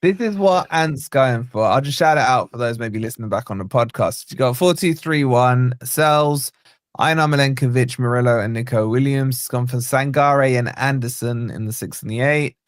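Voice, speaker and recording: A man with a mid-pitched voice argues his case hard in a casual football chat. The sound is dry and close. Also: moderate pace, dry recording. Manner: argumentative, pushes his point. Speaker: football fan show host.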